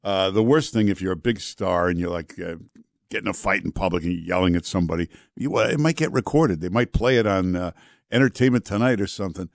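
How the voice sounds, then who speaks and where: A man guest-hosting a talk radio show, joking loosely and filling pauses with "uh". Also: low-pitched, vocal fry, no room sound, clean studio sound. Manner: joking, loose, with many "uh" fillers. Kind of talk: casual talk radio banter.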